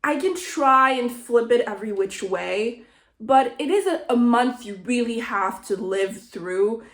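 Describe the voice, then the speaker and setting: A young woman vlogging a casual, animated rant, a little sick and swearing often. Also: a little high, a little slow, echoey room, a little hiss or hum. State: slightly sick. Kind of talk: casual ranting monologue.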